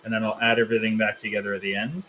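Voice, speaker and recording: A man's voice: fairly low pitch, flat delivery, very fast, sharp tone, low-quality recording. A man hosting a live cooking stream, explaining steps and teasing his co-host in a casual, joking way. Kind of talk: casual live cook-along chat.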